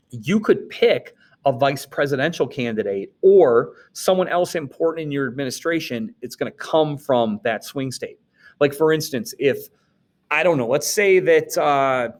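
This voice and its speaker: Man, from Wisconsin, teacher, class recap lecture, mid-pitched voice, casual and joking, checks in often. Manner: casual, joking asides, frequent "okay?" check-ins.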